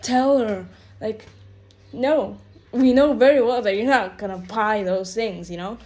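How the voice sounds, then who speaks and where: A woman's voice: mid-range voice, unhurried, darkish tone. A woman telling a rambling, exasperated storytime rant, full of "like" and "bro" fillers. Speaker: vlogger.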